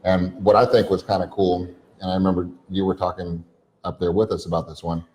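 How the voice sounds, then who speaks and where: A man with a very low voice co-hosts a casual podcast. He coaches his listeners, stringing points and questions together in long run-on lists. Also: level tone, a little fast, darkish tone, rough recording. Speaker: podcast co-host. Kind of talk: casual chat.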